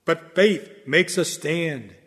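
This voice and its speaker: Taking it slowly, a high-voiced male preacher delivers dramatic oratory, moving between ringing declarations and hushed low phrases. A long reverb follows every line, like in a large hall.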